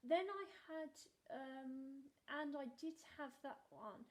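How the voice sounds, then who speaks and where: A dithering little boy, as a woman puts him on, making excuses. He speaks slowly and hesitantly, with lots of pauses and ums along the way. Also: high voice, expressive, pitched above the performer's own voice.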